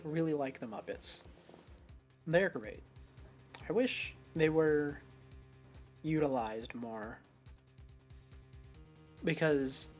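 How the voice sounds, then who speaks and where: A woman's voice: low-pitched, a little mellow. A woman streamer giving chatty, self-mocking commentary while playing a game. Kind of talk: let's-play commentary. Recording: faint game music behind.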